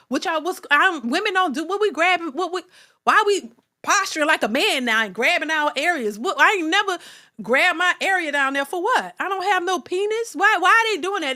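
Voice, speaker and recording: Middle-aged woman, high and bright, blunt emphatic rant, casual commentary host. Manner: emphatic, repetitive, blunt and profane. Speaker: reaction channel host.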